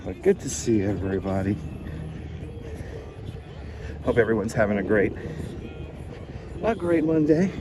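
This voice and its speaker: A man's voice: on the low side, very animated, unhurried, long pauses, music in the background, poor audio. A man hosting a live walking stream on a beach, chatty and a little out of breath, greeting viewers by name over a clip-on mic. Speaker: livestream host. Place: outdoors on a windy beach. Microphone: wireless clip-on mic. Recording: wind noise on outdoor mic.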